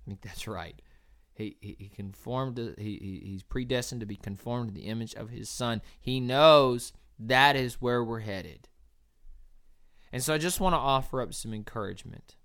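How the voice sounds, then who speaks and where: A woman preaching an earnest, encouraging sermon, rising to loud cheering and dropping to soft, quiet appeals. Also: very deep voice, moderate pace.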